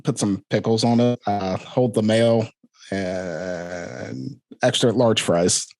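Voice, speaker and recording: A young Scottish man voicing an American man ordering fast food, in a put-on American accent, halting with fillers. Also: on the low side, creaky, darkish tone, no echo, soft background music. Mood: casual. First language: Scottish-accented English speaker.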